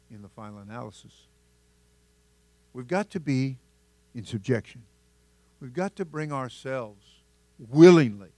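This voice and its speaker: A man's voice: mid-range voice, darkish tone, dry recording. A man, a senior pastor, preaching a sermon in a conversational way, laughing and acting out little asides to his church.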